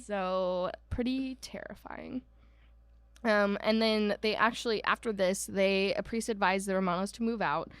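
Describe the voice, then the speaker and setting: A woman's voice: medium pitch, measured pace, smooth, dry recording. Woman, Ohio accent, podcast co-host, rambling with fillers, dry close sound. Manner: rambling, filler-heavy, self-correcting. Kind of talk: casual storytelling chat.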